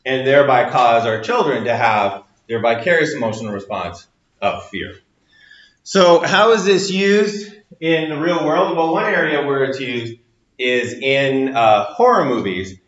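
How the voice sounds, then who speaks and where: A man's voice: medium pitch, lively intonation, unhurried, a bit bright. Guy lecturing psych class, lots of uhs and ums, acts out quotes, echoey dull sound. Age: adult with children. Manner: explanatory, many fillers, acts out quotes. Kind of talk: recorded lecture. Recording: roomy lo-fi lecture recording.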